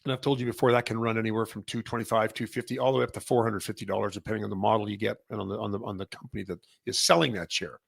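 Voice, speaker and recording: A man's voice: on the low side, fairly even intonation, rapid-fire, vocal fry, hardly any pauses, husky, no room sound, clean studio sound. A middle-aged man from Canada hosting a casual industry update, rambling with many restarts and fillers. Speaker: massage chair retailer and host.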